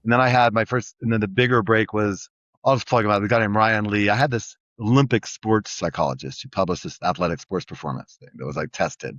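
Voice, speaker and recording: A middle-aged man speaks quickly in a lowish voice, piling up restarts as he rambles through his story. The sound is dry and slightly dull, with no room echo. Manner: rambling, energetic, full of restarts. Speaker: guest entrepreneur. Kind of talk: casual storytelling interview.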